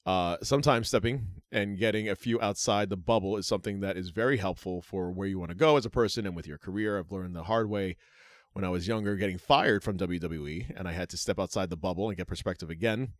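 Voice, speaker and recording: A man's voice: low-pitched, quick pace, dry recording, studio quality. A man co-hosting a podcast, reading wrestling news items aloud and adding joking asides. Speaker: podcast co-host. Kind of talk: casual wrestling news chat.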